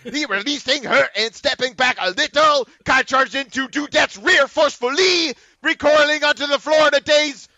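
A man's voice: very high voice, normal speed, few pauses, sharp tone, no echo, highs cut off. A man co-hosting a comedy podcast, giving a comedic dramatic reading in plain narration that sometimes breaks into chuckles. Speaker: podcast co-host reading aloud.

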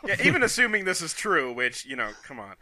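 A man's voice: fairly high pitch, big pitch swings, fast talker, a crowd in the background. A man co-hosting a comedy podcast, rambling casually with plenty of "like" and offhand asides. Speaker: podcast co-host.

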